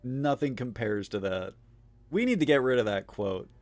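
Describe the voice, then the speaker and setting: A man's voice: medium pitch, lively intonation, moderate pace, a little mellow, soft background music. A man streaming live, chatting casually with viewers in a rambling way, full of fillers, frequent swearing and easy laughs. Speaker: livestreamer.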